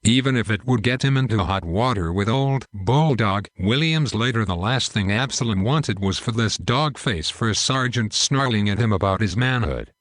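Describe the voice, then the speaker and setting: Low-voiced man reading war fiction aloud, dry booth sound. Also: animated, moderate pace, hardly any pauses, a bit bright, no room sound. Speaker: narrator. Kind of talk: scripted story narration.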